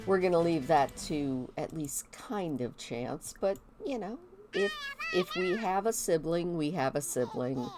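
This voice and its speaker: A woman's voice: lowish voice, darkish tone. A woman giving casual let's-play commentary as she plays a life-simulation game, chatty and curious, often amused. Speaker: gaming video host.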